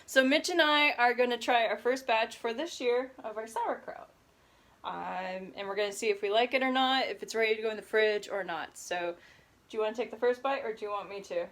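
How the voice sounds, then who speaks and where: Chatty woman, slightly high voice. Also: a little fast. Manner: chatty, laughs often, relaxed with fillers. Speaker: homesteading vlogger. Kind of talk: casual chat to camera. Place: home kitchen indoors.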